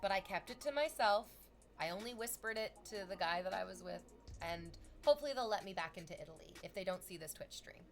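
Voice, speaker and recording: A young woman streamer from Canada chatting casually with her viewers, telling stories with lively acted-out voices. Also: medium pitch, a little fast, soft background music. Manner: animated storytelling, acts out voices.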